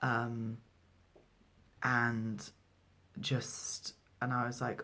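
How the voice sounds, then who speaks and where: A man's voice: mid-range voice, flat delivery, slow, a bit bright. A young trans man, a midwife, telling a personal story casually to camera, hesitant, with many fillers and restarts. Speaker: midwife and vlogger.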